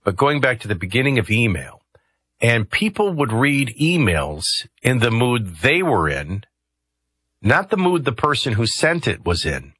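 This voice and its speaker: A man's voice: mid-range voice, very animated, a little slow, a bit bright, slightly rough, no echo. A man hosting a talk radio show, commenting conversationally with rambling asides and hesitations into a studio microphone.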